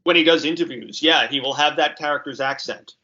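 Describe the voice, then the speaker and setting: A man from New York talks in a casual podcast chat, animated and full of chuckles. His voice is very bright and sharp, a little high for a man, and the audio comes through muffled and lo-fi. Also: a little fast. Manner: animated, talkative, chuckles often.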